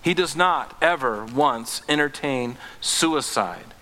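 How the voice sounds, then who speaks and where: Earnest pastor preaching in a reverberant hall. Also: male voice, lively intonation, takes it slowly. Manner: earnest, rises to impassioned pleading then drops low and gentle. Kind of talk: sermon.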